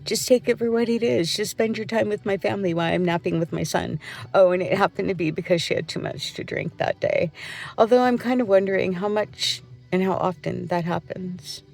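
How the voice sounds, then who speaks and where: A woman's voice: mid-range voice, brisk, creaky, darkish tone, faint music behind. Angry rambling middle-aged woman venting. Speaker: janitor. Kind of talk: venting vlog monologue.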